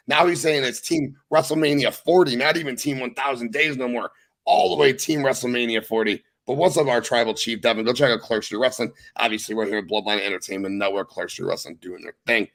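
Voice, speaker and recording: Excitable, profane man hosting a wrestling podcast. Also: medium pitch, brisk, gravelly. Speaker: podcast host. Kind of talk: casual wrestling recap chat.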